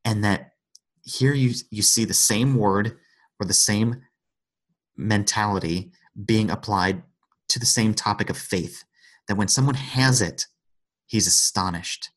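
Man, low voice, earnest, retelling scripture in a faith conversation. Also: a little slow, fairly bright tone. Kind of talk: conversational Bible discussion.

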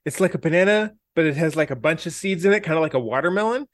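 A man's voice: fairly high pitch, lively intonation, quick pace, dry recording, studio quality. A man co-hosting a podcast, telling rambling stories in casual chat, stumbling over his words and laughing often. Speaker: podcast co-host.

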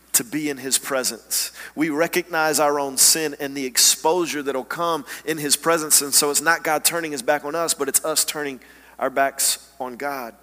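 A man preaching a sermon in an earnest, halting way, often repeating words as he gathers his thoughts. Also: a little high, sharp tone. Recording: long hall reverb.

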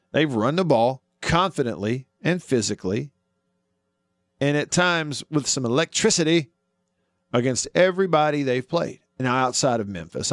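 A man's voice: on the high side, no room sound, studio quality. A man hosting a sports talk radio show, arguing his points and asking listeners questions. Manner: animated, argues with himself, asks listeners questions.

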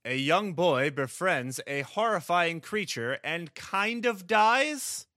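A man runs a casual movie quiz, his voice fairly high and strongly bright. The sound is close and dry. He reads long clue questions, counts down, and calls answers correct or incorrect. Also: expressive, takes it slowly, no echo. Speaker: quiz host.

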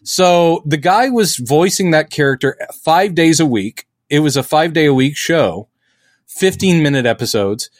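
A middle-aged man co-hosting a podcast in casual chat, animated and putting on silly voices when quoting. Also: fairly high pitch, a little slow, no room sound, studio quality. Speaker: podcast co-host.

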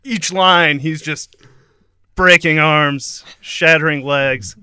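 A man's voice: on the high side, takes it slowly, pushed and bright. A man giving a playful, giggly play-by-play of an imagined scene, often breaking into laughter. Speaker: comedic narrator. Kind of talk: playful play-by-play over a song. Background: song playing.

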